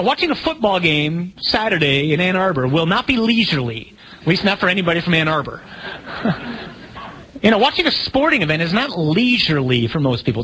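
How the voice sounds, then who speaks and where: A male priest gives a casual sermon talk in a slightly high voice. He is conversational and wry and often puts questions to his listeners. A faint hum sits behind him. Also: a bit bright, low-quality recording.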